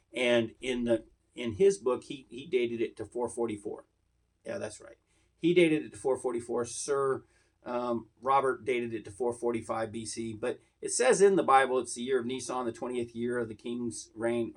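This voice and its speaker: Man, bible teacher, husky voice, mid pitch, rambling conversational asides. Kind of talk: casual Bible lesson.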